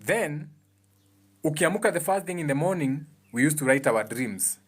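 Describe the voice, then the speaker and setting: A man's voice: a little high, lively intonation, moderate pace, husky. Earnest Kenyan man explaining. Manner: earnest and explanatory, with pointed repetition. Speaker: speaker giving advice on emotions. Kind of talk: casual motivational talk.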